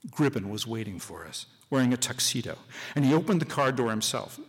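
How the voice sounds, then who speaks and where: A man giving a live stage reading of a short story, expressive and dry, in a large public hall. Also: medium pitch, a little fast, husky. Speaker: story reader. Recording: live hall, long reverb.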